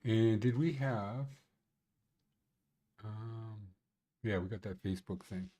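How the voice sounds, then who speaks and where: A man's voice: on the low side, slow, dark tone. A man hosting a ski conditions livestream, rambling and joking as he thinks aloud. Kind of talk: casual livestream chat.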